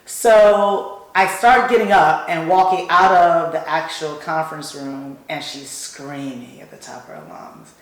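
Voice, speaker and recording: Brief: middle-aged woman, guest storyteller, animated, lower voice, very echoey room. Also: measured pace, few pauses. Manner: animated, acts out quoted voices. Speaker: guest speaker. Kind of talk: personal storytelling in conversation.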